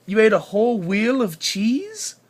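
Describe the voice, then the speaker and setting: A man's voice: high voice, big pitch swings, measured pace. A father talking playfully to his baby daughter at home in baby talk, then apologizing to her.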